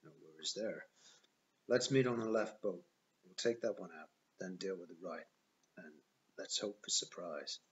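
Casting: a man doing a calm older magician, low-voiced and grim, heard on a dull lo-fi recording. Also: moderate pace, natural voice. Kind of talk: audiobook character reading.

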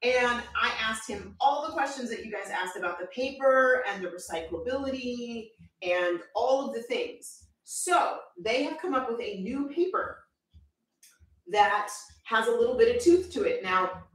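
A woman's voice: a little high, measured pace, heavy reverb, recorded from a distance, low-quality recording. A woman co-hosting a live art stream, reading viewer questions and chatting casually. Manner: chatty, animated, reads questions aloud. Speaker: co-host reading viewer chat.

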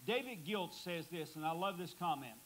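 Emphatic high-voiced man preaching a sermon. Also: expressive, normal speed, a little hiss or hum, poor audio. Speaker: guest preacher. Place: church.

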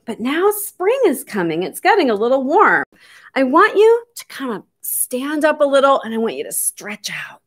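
A woman who teaches nature to children, speaking in an animated, sing-song, coaxing way as she shows live animals. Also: high-pitched, normal speed. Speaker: nature educator.

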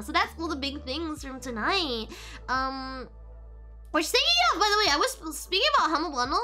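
High, lively, bright-voiced woman streamer. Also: moderate pace, pauses often. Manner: rambling, giggly, self-interrupting. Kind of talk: casual stream chat. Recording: faint background music.

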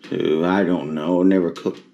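A man with a lowish voice rambles easily through a home cooking session, talking half to himself and half to his viewers. Clear background noise sits behind his voice. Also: little pitch movement, a little slow, mellow, highs cut off. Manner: chatty, rambling, self-talk while cooking. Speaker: cooking ASMR host. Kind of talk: casual cooking chat.

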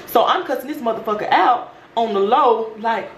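Loud-mouthed woman spilling a story to camera, cussing a lot, kinda high pitched, echoey room. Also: fast, hardly any pauses. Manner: brash, profane, animated storytelling. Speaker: vlogger. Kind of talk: storytime chat. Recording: roomy room with faint noise.

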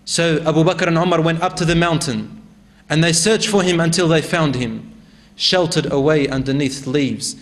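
A male preacher tells a religious story in a dramatic, emphatic way, swinging between loud and hushed delivery. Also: on the high side, moderate pace. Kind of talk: storytelling sermon.

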